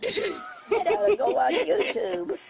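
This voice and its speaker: A woman's voice: very high voice, huge pitch swings, slow pace, vocal fry, over a noisy crowd. A woman chatting in an amused way while filming her dog. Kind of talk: casual chat filming a pet.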